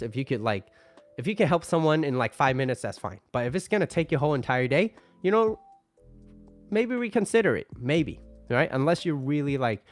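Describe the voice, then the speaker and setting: A man's voice: on the high side, sing-song, fairly quick, soft background music. A man talking through relationship advice in a loose, conversational way, often ending lines with "right?". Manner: acts out angry customers in mock voices. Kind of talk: casual advice monologue.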